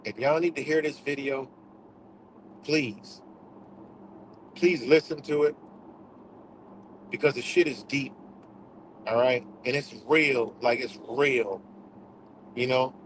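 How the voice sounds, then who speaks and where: Speaking slowly with frequent pauses, this male livestream host rants casually and profanely, hammering points home by repeating them. His voice is mid-range, and the recording is poor, with a faint hiss or hum.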